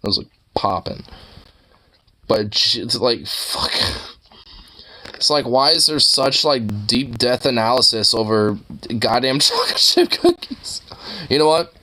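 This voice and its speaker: Bright-voiced rambling young man streamer. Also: medium pitch, measured pace, long pauses, rough recording. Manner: rambling, swears a lot, laughs often; scolds and coos at his dog. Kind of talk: casual chat.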